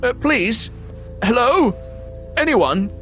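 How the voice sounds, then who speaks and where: A man voicing a timid, stammering village priest who pleads through a door in a high, strained voice. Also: expressive, takes it slowly, a bit bright, soft background music, full character voice. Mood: anxious pleading.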